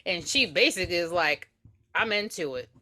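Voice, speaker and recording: A woman's voice: on the low side, lively intonation, normal speed, pushed and bright. A woman co-hosting a podcast, blunt and profane, cutting in to correct details. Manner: blunt, swears freely, jumps in to correct. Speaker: podcast co-host. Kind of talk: casual movie review chat.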